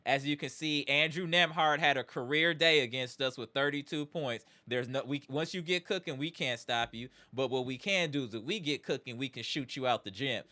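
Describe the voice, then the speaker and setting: Bright, fired-up male sports host. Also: on the high side. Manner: emphatic, repetitive, slangy ranting. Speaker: sports talk show host. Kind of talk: live sports reaction monologue.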